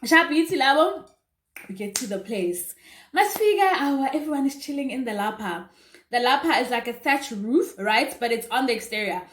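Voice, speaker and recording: A young South African woman telling a casual storytime, chatty and animated, with asides to her viewers. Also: high-pitched, normal speed. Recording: roomy echo.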